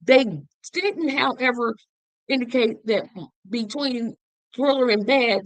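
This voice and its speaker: A woman hosting her own show, talking through a movie in an animated, emphatic way and repeating words for effect. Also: mid-range voice, dry recording. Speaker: show host. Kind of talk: casual movie review chat.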